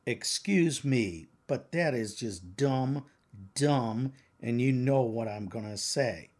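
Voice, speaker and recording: Older male professor, husky, slow and deliberate, emphatic teaching delivery. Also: medium pitch, animated. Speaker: counseling exam prep author and professor. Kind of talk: lecture to exam takers.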